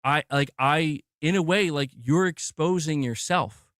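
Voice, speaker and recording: A man's voice: fairly high pitch, unhurried, a bit bright, no echo, clean studio sound. A man ranting heatedly and defensively, swearing often and mocking his critics. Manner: agitated, profane, mocks critics in put-on voices.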